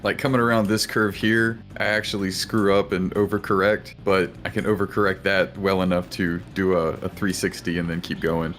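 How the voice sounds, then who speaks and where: A man's voice: sits low, little pitch movement, moderate pace, hardly any pauses, fairly bright tone. A man playing a tabletop game, laid-back and laughing as he describes his driving. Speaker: player. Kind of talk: casual tabletop play.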